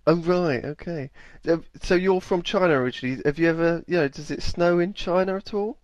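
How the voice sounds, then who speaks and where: A man's voice: fairly high pitch, a little fast, no echo, muffled recording. A man from England hosting a podcast, chatty and playful, laughing easily and quizzing his co-host. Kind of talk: casual comedy chat.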